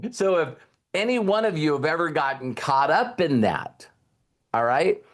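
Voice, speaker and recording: A middle-aged motivational speaker with a fairly high voice takes his time, giving an animated talk in which he keeps acting out little conversations.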